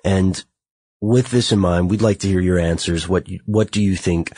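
A man's voice: low voice, normal speed, dark tone, no echo. An American man co-hosting a podcast, talking thoughtfully and self-mocking in banter. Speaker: podcast co-host. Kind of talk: podcast conversation.

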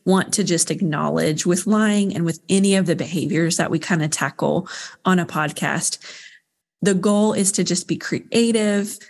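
A woman co-hosts a podcast in a fairly low voice, closing the episode in a measured way. She repeats phrases to drive her point home. A long reverb trails behind her voice. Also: gravelly, darkish tone. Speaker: podcast co-host. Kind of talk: podcast wrap-up.

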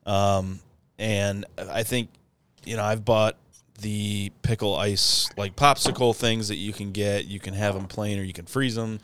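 A man's voice: fairly low pitch, fairly even intonation, measured pace, a bit bright, a little hiss or hum. A man co-hosting a podcast, telling stories among friends in a laughing, profane manner. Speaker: podcast co-host. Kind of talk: casual banter.

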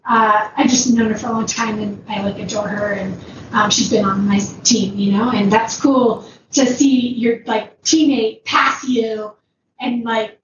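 This ultrarunner guest speaks a little slowly in a slightly high, steady-toned voice, telling a long personal story in a rambling, casual way with plenty of fillers, many "like"s and frequent laughs. The recording is roomy, distant and dull, and the background is noisy.

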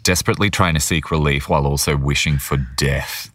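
Very deep-voiced woman, dry close sound. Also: brisk, no room sound. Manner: brief agreeing interjections. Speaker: podcast co-host. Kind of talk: casual chat.

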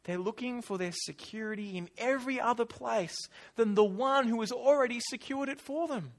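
A man preaching a sermon, animated and acting out quoted voices, then dropping to quiet asides. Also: very high-pitched, moderate pace.

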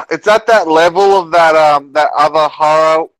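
A man's voice: a little high, measured pace, no room sound, rough recording. A man hosting a casual chat, crude and joking and laughing often.

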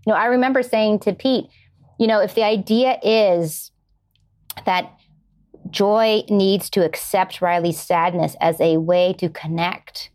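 A woman's voice: medium pitch, a little mellow. A middle-aged woman, a screenwriter, answering interview questions in an earnest way and explaining her ideas through everyday examples. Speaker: screenwriter guest.

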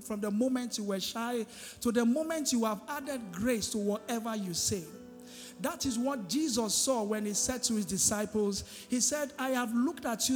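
A man preaches with fervor, throwing questions to the congregation and waiting for their answers. His voice sits very high for a man. The sound comes through a microphone in a large hall with a long reverb tail and faint music underneath. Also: darkish tone. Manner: emphatic preaching with call-and-response. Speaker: pastor. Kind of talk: sermon. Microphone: handheld microphone.

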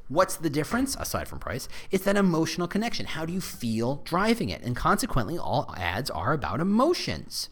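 A man explaining marketing and employer branding in an animated, conversational way, with quick self-corrections and asides. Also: on the high side. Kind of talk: casual explanatory talk.

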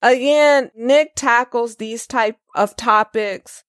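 A woman's voice: fairly high pitch, slow pace, dry recording, clean studio sound. A woman co-hosting a casual racing podcast, chatting and reading listener comments aloud. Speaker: podcast co-host.

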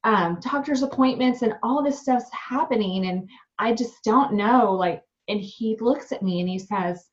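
A young woman, a restaurant owner and new mom, telling her story in an interview in a candid, animated way with many fillers. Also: a little high, a little slow. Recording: dull lo-fi sound.

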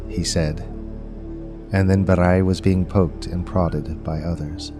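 A man reading a story aloud as narrator, in a measured, unhurried storytelling manner. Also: sits low, steady tone, music in the background. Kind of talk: scripted audiobook narration.

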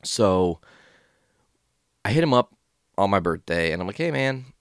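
A man's voice: low voice, expressive, unhurried, clean tone, no room sound, clean studio sound. A man hosting a podcast, stoned and rambling through a casual story in a laid-back, swearing way. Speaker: podcast host.

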